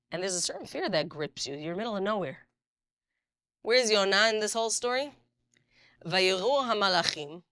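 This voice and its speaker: A middle-aged woman teaching a Bible class as a rabbanit, acting out the dialogue and reading verses quickly. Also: lowish voice, dry recording, studio quality. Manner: animated storyteller, acts out dialogue, reads Hebrew verses quickly. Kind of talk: lively Torah class with stories.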